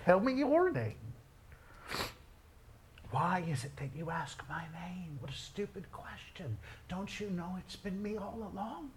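A man preaching a sermon, moving between quiet storytelling and loud, drawn-out climaxes. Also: high-pitched. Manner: dramatic, swings from quiet storytelling to shouted climaxes; slow, drawn-out emphasis on key words.

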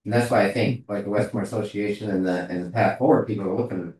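Guy at a town meeting, kinda low voice, stops and starts a lot, sounds far off in a boomy room. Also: fairly even intonation, a little mellow. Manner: halting, searching for words. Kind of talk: casual meeting discussion. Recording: echoey room, far from mic.

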